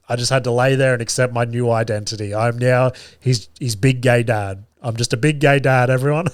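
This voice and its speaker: A man in his thirties hosting a podcast, telling a profane, lively anecdote about his family with frequent laughter. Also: mid-range voice, no room sound, studio quality. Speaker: podcast host. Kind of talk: casual storytelling.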